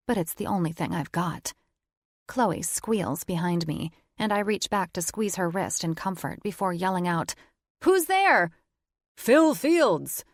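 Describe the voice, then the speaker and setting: A woman's voice: on the low side, dry recording, studio quality. A woman narrating a first-person romance audiobook in a wry, conversational tone. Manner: wry, conversational inner monologue.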